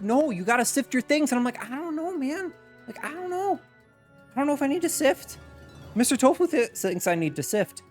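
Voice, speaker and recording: A man chatting loudly as he bakes on a live stream, his pitch leaping about all the time. His voice is bright and forceful, with faint music playing behind him. He rambles and jokes with his viewers from a distance to the mic. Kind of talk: casual chat while baking. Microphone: microphone set far from his face.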